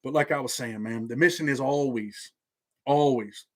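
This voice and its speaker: A man's voice: mid-range voice, normal speed. A man with a Southern accent hosting a live stream from his home office, talking in laid-back street slang. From Indiana. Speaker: channel host.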